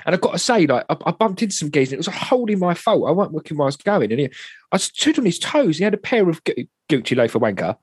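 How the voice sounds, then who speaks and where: A man co-hosting a podcast, telling stories in a slangy, animated chat. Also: a little high, fast talker, husky, no echo, studio quality. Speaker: podcast co-host. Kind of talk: casual chat.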